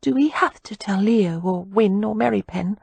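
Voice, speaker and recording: A woman voicing an anxious, remorseful young girl who speaks in a guilty, hushed way for a storybook. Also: sits high, moderate pace, breathy edge, dry recording, pitched above the performer's own voice. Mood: sheepish.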